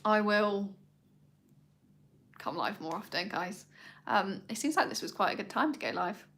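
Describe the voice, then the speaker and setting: Woman, live-stream host, bright and chatty, rambles with ums. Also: animated, unhurried. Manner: coos at her dogs in a high voice. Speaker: dog owner hosting a live Q&A. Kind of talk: casual live-stream chat.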